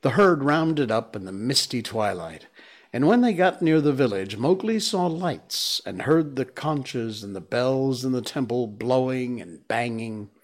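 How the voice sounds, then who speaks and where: Slow-reading man narrating a storybook. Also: medium pitch. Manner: relaxed and chatty between passages. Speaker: reader of a classic novel.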